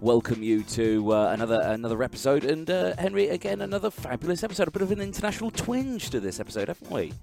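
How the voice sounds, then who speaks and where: A man's voice: a little high, sing-song, quick pace, creaky, hardly any pauses, darkish tone. Man, podcast host, upbeat chatty intros, faint music behind. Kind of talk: casual podcast chat.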